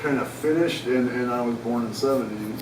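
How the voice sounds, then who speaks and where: A man's voice: mid-range voice, fairly quick, background noise. A man in his forties speaking at a conference, telling a personal story to an audience in a frank, conversational, self-deprecating way. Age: 40s. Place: conference hall. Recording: echoey hall, mic at a distance.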